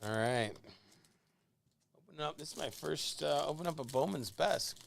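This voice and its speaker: A man's voice: fairly high pitch, moderate pace, gravelly, slight background noise. A man hosting a late-night sports card break livestream, chatting casually with viewers by name while opening boxes, laughing easily. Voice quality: calls his own voice whiny.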